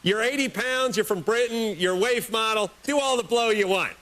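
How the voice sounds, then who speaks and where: A man's voice: high-pitched, normal speed. A man hosting a late-night show, delivering a rambling, sarcastic comic monologue. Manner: sarcastic, rambling, deadpan jokes.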